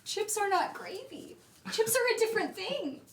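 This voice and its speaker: High lively woman, playful and fed up, echoey far-off mic. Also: moderate pace, a little hiss or hum. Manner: exasperated, playful. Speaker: player. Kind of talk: tabletop role-play banter.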